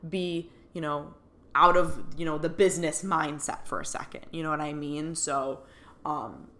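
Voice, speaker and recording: A woman's voice: deep voice, steady tone, moderate pace, a bit bright. A young woman telling a personal story in a chatty way, full of fillers and laughing now and then, as a podcast host. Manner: chatty, full of "like" and "you know", laughs often.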